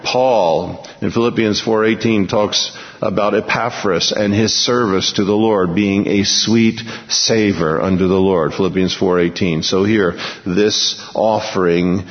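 A pastor teaching an expository sermon, reading scripture aloud and then explaining it with emphatic repetition. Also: male voice, on the low side, steady tone, unhurried, hardly any pauses. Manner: emphatic, repeats key phrases. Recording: lo-fi recording in a large reverberant hall.

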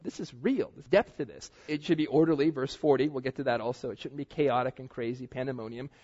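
A man's voice: mid-range voice, fast talker, darkish tone, breathy edge. A middle-aged man preaching a sermon in a church as pastor, earnest and conversational, with casual asides. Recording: dull lo-fi church recording.

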